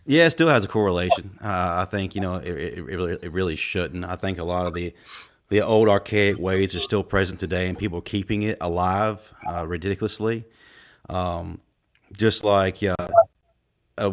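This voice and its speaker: A man with a fairly low voice takes part in a casual discussion. He stops and restarts often, then lands his points with emphasis. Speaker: podcast guest.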